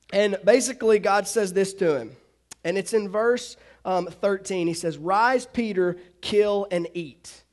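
A man pastor preaching a casual, joking sermon to his congregation. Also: high voice.

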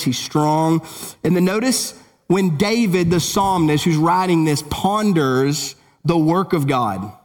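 A middle-aged man preaching a sermon in a lively, conversational way, with casual asides and jokes. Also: a little high. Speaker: pastor.

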